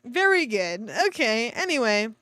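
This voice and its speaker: A woman streamer reads a fan story aloud and mocks it with sarcastic asides, swearing freely and laughing often. Her voice sits fairly high and leaps around a lot. The sound is dry and close on a desk mic. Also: big pitch swings, measured pace, pushed and bright, clear, resonant tone, no echo. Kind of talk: reading a fan story aloud with mocking commentary.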